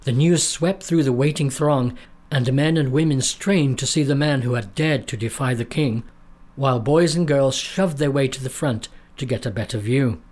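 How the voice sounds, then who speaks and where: A man's voice: mid-range voice, normal speed, darkish tone. Man narrating a story dramatically.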